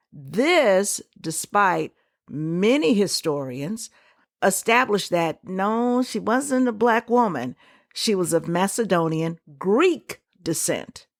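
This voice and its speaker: A woman hosting a solo podcast, giving her opinions in a conversational, emphatic way with quick asides. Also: lowish voice, dry recording, clean studio sound. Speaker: podcast host.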